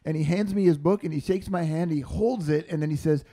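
A man's voice: on the high side, a little fast, dark tone. A man from Canada, a podcast guest, telling anecdotes in a casual, reflective manner. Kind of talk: casual storytelling chat.

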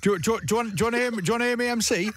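A man voicing a drunk, pushy young clubber from the north of England, with a Northern English accent, loud and repeating himself. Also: very high voice, rapid-fire, dry recording, clean studio sound, pitched above the performer's own voice. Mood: pushy, eager.

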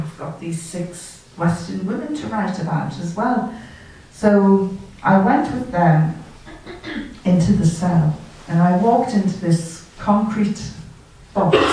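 A woman giving a storytelling talk, recalling events and acting out the dialogue in a lively way. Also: fairly low pitch. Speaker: guest speaker. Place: lecture hall. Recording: far from the mic, very echoey hall.

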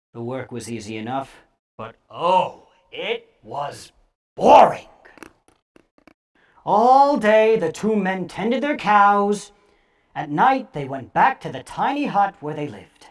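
Woman, scary story reader, theatrical, very lively pitch, slow pace. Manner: theatrical, hushed dips and sudden loud bursts. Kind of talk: dramatic scary story reading.

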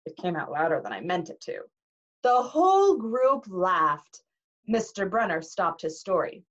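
A teacher reading a novel aloud to a class in an expressive, animated way. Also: female voice, fairly low pitch, fairly quick. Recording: dull lo-fi recording.

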